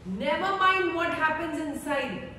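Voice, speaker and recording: A woman with a high voice speaks slowly and calmly, giving a devotional scripture talk with gentle repetition. Her voice is picked up from a distance in a very echoey hall with a long reverb tail. Faint room ambience sits underneath. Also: slight background noise. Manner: slow, calm, meditative delivery with repeated phrases. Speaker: spiritual teacher.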